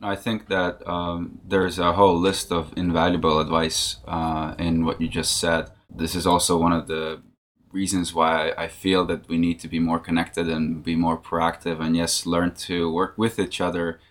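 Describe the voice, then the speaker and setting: A man interviewing a guest, speaking deliberately and hesitantly with many fillers. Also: sits low, little pitch movement. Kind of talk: conversational interview.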